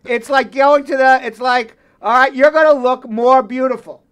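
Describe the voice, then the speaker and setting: A man's voice: very high voice, fairly even intonation, normal speed, a bit bright, clean tone. A man hosting a live radio talk show, joking and reading ads with repeated phone numbers.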